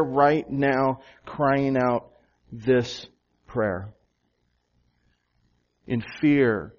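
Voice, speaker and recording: Slow, lo-fi preaching man. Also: medium pitch, a little mellow. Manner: preaching with rhetorical questions and repetition. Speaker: pastor. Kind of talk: sermon. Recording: dull, lo-fi sound.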